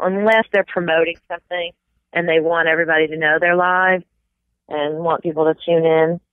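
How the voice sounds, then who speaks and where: A stage actress from the American South chats casually as an interview guest, animated and quick to drop into little accent demonstrations. Her voice is lowish, and the recording is dry, tinny and phone-like with no echo.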